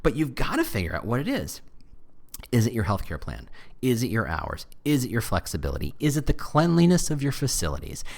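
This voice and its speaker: A man's voice: medium pitch, huge pitch swings, fairly quick, vocal fry, a little mellow. A man hosting a podcast, talking alone in a loose, joking, conversational way. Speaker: podcast host. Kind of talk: solo podcast monologue.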